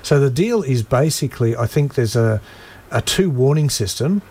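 Male radio presenter, husky voice, easygoing dry studio chat. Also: medium pitch, animated, moderate pace, a little mellow. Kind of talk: community radio sports chat.

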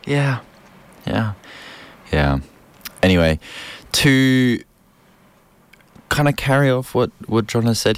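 A man's voice: medium pitch, smooth. A young man hosting a community radio show, chatting in an upbeat, rambling way with lots of ums and repeats. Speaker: radio host. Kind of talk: casual community radio chat. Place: radio studio. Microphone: studio microphone.

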